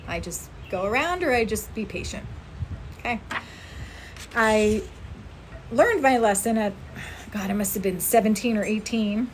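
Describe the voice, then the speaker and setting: A woman's voice: mid-range voice, unhurried, pauses often, a little hiss or hum. A woman who works as a spirit medium, chatting earnestly on a casual outdoor livestream and thanking viewers by name.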